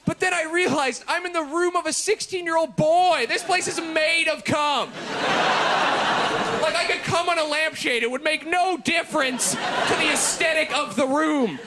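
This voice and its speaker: A man in his twenties doing a stand-up routine on a TV comedy show, deadpan with sudden shouted bursts. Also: very high voice, moderate pace, background noise. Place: TV studio stage before an audience.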